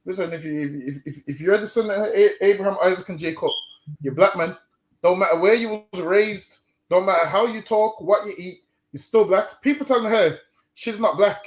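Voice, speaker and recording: A man with a high voice preaches on the street in an emphatic, chatty way. He keeps coming back to "listen" and "man". The sound is roomy and echoey. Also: normal speed.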